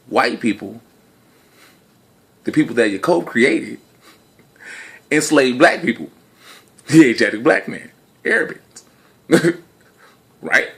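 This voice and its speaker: A man's voice: very animated, takes it slowly, vocal fry, pauses often. Slangy man arguing in rhetorical questions. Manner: rhetorical questions, slangy, swings from low and quiet to loud and high; laughs between points. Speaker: video blogger. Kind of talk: casual argumentative monologue.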